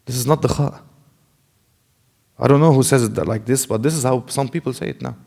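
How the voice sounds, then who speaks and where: A man's voice: mid-range voice, a little fast, creaky, dark tone. A man who speaks Arabic as his first language teaches a tajweed lesson in English, correcting mistakes and repeating sounds to demonstrate them. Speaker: Quran recitation teacher. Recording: long reverb in a large hall.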